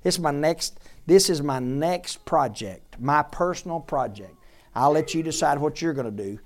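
A man preaching a sermon to a congregation, exhorting loudly at times and dropping to quiet asides. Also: on the high side, expressive, normal speed. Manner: emphatic, swings from loud exhortation to quiet asides.

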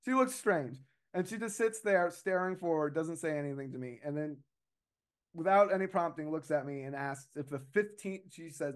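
Rambling, slightly high-voiced man telling a story. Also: normal speed. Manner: rambling, hesitant storytelling with fillers and restarts. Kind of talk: casual podcast chat.

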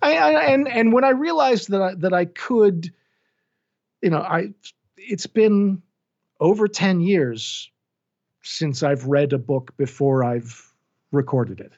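Middle-aged male narrator, animated and self-deprecating, slightly high voice, muffled lo-fi audio. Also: slow pace, long pauses. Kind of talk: casual interview chat. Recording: dull lo-fi sound.

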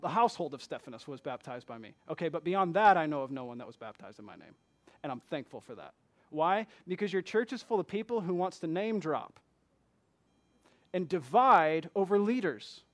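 Preaching in a conversational style, this male pastor has a notably high voice and addresses his congregation like a friend. Rhetorical questions come thick and fast, and he swings from hushed asides into loud, emphatic outbursts.

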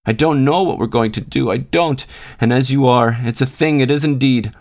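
A man's voice: mid-range voice, normal speed, a little mellow, voice pushed up, lightly acted. A man voicing a fretful, tearful woman of about sixty who rambles in lament. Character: elderly mother-in-law, tearful and fretful.

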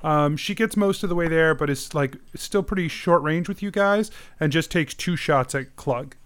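A man narrating and running a tabletop role-playing game in a casual, quick way. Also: a little high, smooth. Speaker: game master.

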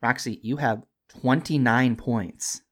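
A woman's voice: rumbling low, slow, slight background noise. A woman co-hosting a comedy podcast, dry and exasperated in manner. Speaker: podcast co-host.

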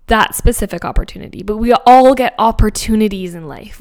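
A woman hosting a podcast, telling a personal story in an animated, emphatic way with fillers and laughs, recorded at a home office mic. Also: medium pitch. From Canada. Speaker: podcast host. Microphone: home office microphone.

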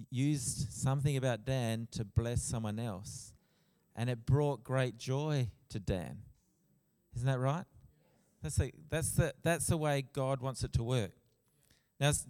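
A man preaching a sermon in a church, earnest, with soft passages and loud emphatic bursts. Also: medium pitch, measured pace, clear, resonant tone. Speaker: pastor. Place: church hall. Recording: long church reverb.

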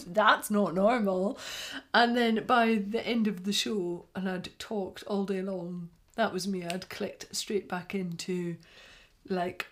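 A woman from Scotland, a yarn vendor and podcaster, chatting casually and telling stories in a lively way. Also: on the low side. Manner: chatty, animated storytelling. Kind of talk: casual chat.

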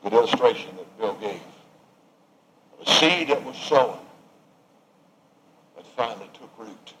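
A man preaching a sermon, swinging from raised emphatic lines to hushed, quiet ones. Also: lowish voice, lively intonation, measured pace, slight background noise, rough recording.

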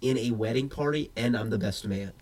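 A man co-hosting a casual podcast while getting over a head cold, chatty and quick to laugh, drifting into tangents. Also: mid-range voice, a crowd in the background. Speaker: podcast co-host.

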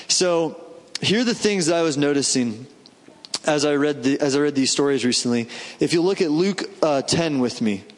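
A man preaching a sermon in a relaxed, conversational way, often acting out the voices in the story. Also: on the high side. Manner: conversational, animated, acts out quoted voices. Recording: long hall reverb.

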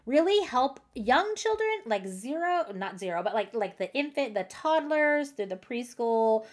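A woman's voice: a little high, big pitch swings, a little slow. A middle-aged woman hosting a parenting podcast, giving casual, encouraging advice with frequent light laughs. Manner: chatty and encouraging, laughs often, acts out parent and child lines.

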